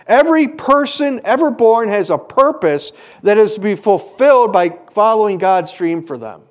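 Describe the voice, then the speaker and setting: A middle-aged man preaching a sermon to a congregation, earnest and full of rhetorical questions. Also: sits high.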